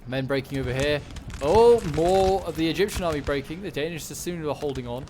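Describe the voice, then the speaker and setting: A man with a fairly high-pitched, brisk voice casually commentates a video game battle, his musings packed with fillers and corrections. Loud gunshots and other combat sounds from the game sit beneath his voice as background noise.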